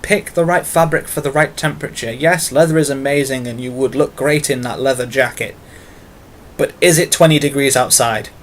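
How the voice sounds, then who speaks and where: With a mid-range voice at a moderate pace, a British vlogger talks casually to camera in a tag video. He's long-winded, uses lots of fillers, and mocks himself in asides; there's slight background noise.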